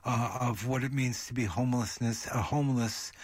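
A male radio host introducing his guest, speaking haltingly with many filler sounds. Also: medium pitch, breathy edge, no echo.

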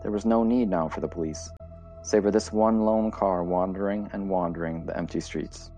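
Very deep-voiced male story narrator. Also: fairly even intonation, warm tone. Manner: measured, deliberate storytelling. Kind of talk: dramatic story reading. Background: faint music.

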